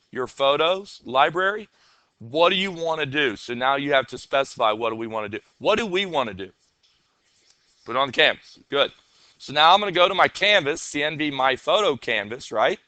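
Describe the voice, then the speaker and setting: A male teacher leads a class through a coding lesson, firing off questions and then answering them himself. His voice is bright and crisp with a slightly high pitch. It sounds close and dry, with no room echo.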